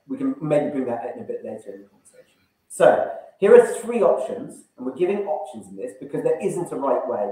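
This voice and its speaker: A man's voice: mid-range voice, mellow, recorded from a distance. A man running an online sales training session, coaching and acting out phone call openers. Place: room, online event. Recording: very echoey room.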